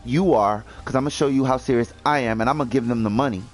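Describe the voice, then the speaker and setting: A man's voice: mid-range voice, very fast, soft background music. A young man chatting casually while gaming, rambling with lots of fillers and swearing freely. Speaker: gaming video host.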